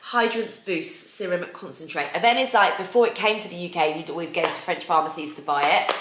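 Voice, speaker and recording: A woman's voice: fairly low pitch, brisk. Gushing chatty woman unboxing beauty products. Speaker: beauty vlogger host. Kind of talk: casual unboxing chat. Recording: echoey room with faint noise.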